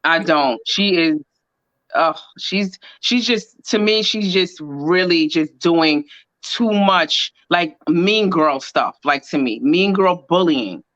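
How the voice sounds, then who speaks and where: A woman's voice: on the low side, slow, fairly bright tone, dry recording, lo-fi sound. A woman co-hosting a casual reality TV recap chat, emphatic and opinionated as she makes her point. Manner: emphatic, opinionated, repeats "this is what I'm saying". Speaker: co-host.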